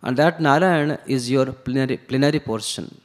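A man's voice: mid-range voice, normal speed. Man teaching scripture in an echoing hall. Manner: explains verses and word meanings step by step; chants verses in Sanskrit. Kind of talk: explanatory lecture on scripture. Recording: long echoing hall reverb.

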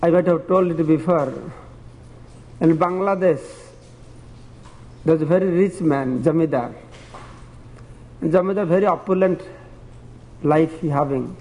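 A man's voice: on the high side, measured pace, pauses often, darkish tone, long reverb tail, rough recording. A man preaching a devotional sermon and telling parables in simple, broken phrasing, chuckling at his own stories.

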